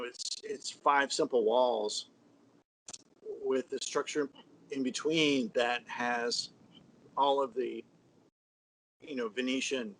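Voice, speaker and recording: A man at an ordinary mid pitch talks through buildings in relaxed conversation. He is thoughtful and halting, often pausing on fillers as he builds his point. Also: rough recording. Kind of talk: casual conversation about architecture.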